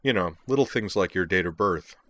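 A man voicing an airy, nonchalant young fixer in a storybook reading, with a low, dry voice. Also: lively intonation, fairly quick, a bit bright, no room sound. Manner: breezy, offhand.

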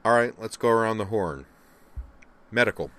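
A man's voice: lowish voice, lively intonation, fairly bright tone. A man voicing a young male cadet captain who leads his team in a businesslike, decisive way. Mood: brisk. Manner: brisk, decisive.

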